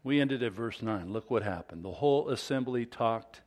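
A man's voice: medium pitch, expressive, normal speed, a little mellow. A male pastor delivering a sermon, reading scripture aloud with dramatic emphasis and adding conversational asides.

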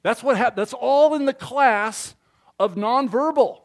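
A man preaching a sermon, animated and interactive, quizzing the congregation and acting out little scenes. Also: extremely high pitch, a little slow. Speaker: pastor.

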